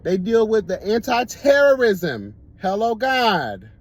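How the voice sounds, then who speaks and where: A man chats casually to his audience in a lively, swooping voice that climbs and drops a lot. His delivery is camp and animated, and he breaks into laughter often as he tells his stories. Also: high-pitched, slow. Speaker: host. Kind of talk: casual storytelling chat.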